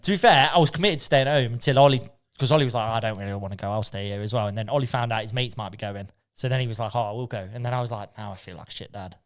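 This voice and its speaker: A man's voice: medium pitch, rapid-fire, hardly any pauses. A man co-hosting a podcast, telling stories in casual chat and acting out what people said, laughing often. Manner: animated storyteller, acts out quoted lines, laughs often. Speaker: podcast co-host.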